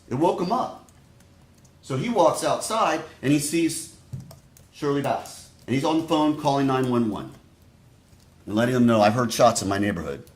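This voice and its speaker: Male prosecutor in an echoey courtroom. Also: on the high side. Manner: deliberate, speaks straight to the jurors. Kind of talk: opening statement to a jury.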